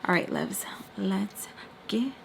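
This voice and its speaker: A woman chats straight to her viewers in a lively storytime, her voice sitting at an everyday middle pitch. She tells it with quick asides and dips into a near whisper now and then. A faint heater hum sits behind her. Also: gravelly. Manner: animated, expressive retelling with quick asides and drops to a whisper. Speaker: storytime vlogger. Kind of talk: casual storytime chat to viewers.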